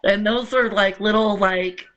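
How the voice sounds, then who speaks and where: A woman speaks openly as a podcast guest, her words earnest and halting. She often circles back and restarts her sentences, talking from her own apartment. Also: mid-range voice, fairly even intonation, a bit bright, dull audio. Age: adult with children. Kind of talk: candid personal conversation. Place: home apartment.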